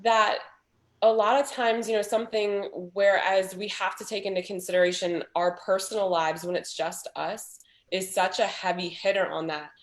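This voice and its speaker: A woman's voice: medium pitch, fairly even intonation, moderate pace. A woman in her thirties, a small business owner, talking candidly and chattily in a group video chat. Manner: candid, chatty, says "like" a lot.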